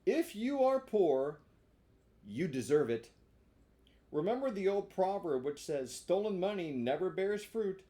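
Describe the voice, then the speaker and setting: A brisk wooden puppet boy from a storybook, as a man puts him on, pitched well up and ringing loud, swinging widely through each line. The tone stays soft and mellow rather than bright, with a theatrical snap on every phrase. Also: very animated. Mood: scornful. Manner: high, loud, emphatic delivery.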